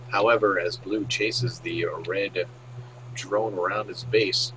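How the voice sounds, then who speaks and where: A man's voice: low voice, fairly even intonation, takes it slowly, bright, forceful tone, a little hiss or hum, low-quality recording. A man casting a game replay in a goofy, rambling, self-mocking way. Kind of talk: casual game commentary.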